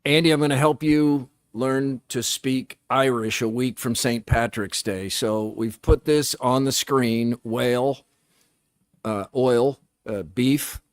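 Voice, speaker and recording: A man's voice: mid-range voice, steady tone, slow, no room sound, studio quality. Joking male podcast co-host. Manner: joking, reads sponsor plugs. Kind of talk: casual sports chat.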